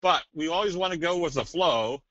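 A man presenting a trading webinar in a casual, folksy way, slipping in jokes and a sales pitch. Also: animated, a little fast, a bit bright, no room sound. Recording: dull, dry webinar audio.

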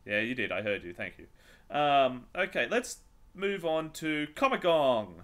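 A man's voice: on the high side, big pitch swings, a little slow, fairly bright tone. A man hosting a casual podcast chat, joking and steering the topics. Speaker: podcast host.

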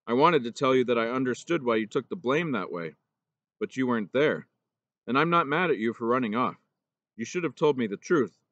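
A man voicing a gruff, remorseful older male teacher in a storybook reading, talking plainly and low. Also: fairly bright tone, no echo, dull audio, natural voice.

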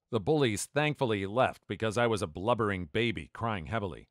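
A man doing scripted story narration in an animated way, acting out the dialogue. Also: lowish voice, a little fast, few pauses, no echo, clean studio sound.

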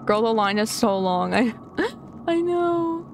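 A young woman streaming a game live, excitable and chatty with her viewers, often gasping and giggling. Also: fairly high pitch, slow, slight background noise. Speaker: gaming streamer. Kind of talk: live gameplay commentary.

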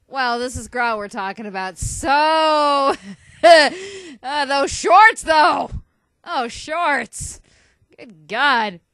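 A woman gushing excitedly about a favorite character in casual fan chat, giggly and excitable. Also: high-pitched, no echo.

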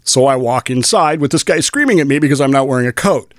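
Laughing frequently, an older man from Washington State, US, hosts his show with a rambling storytelling monologue. He speaks quickly in a mid-range voice with lively intonation, and the studio recording is clean and dry.

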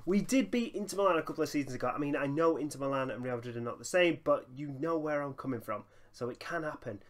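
A young man giving excitable running commentary over a football management game, breaking into laughter and shouts. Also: on the high side, fast. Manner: excitable, bursts into shouting and laughter at big moments. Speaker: gaming YouTuber.

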